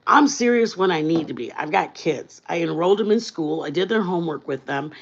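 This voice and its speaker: A woman's voice: on the low side, animated, a little fast, vocal fry, dull audio, slight background noise. A woman hosting a livestream, telling personal stories in a playful, giggly way and laughing often. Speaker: livestream host. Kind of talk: casual storytelling chat.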